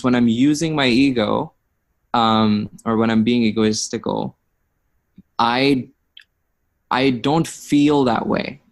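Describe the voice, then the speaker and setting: A man in a study group discussion, speaking slowly and reflectively, often pausing and restarting as he searches for words. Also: mid-range voice.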